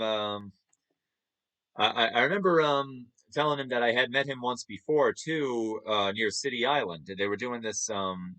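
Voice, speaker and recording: A man's voice: lowish voice, a bit bright. Chuckling New man. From New York. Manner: chatty, chuckles often, upbeat. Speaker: streamer. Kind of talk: casual chat over photos.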